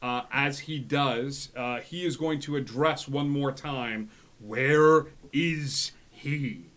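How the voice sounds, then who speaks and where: A man running a tabletop game as game master, speaking in a relaxed way with many fillers. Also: medium pitch, measured pace. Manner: relaxed, frequent filler words.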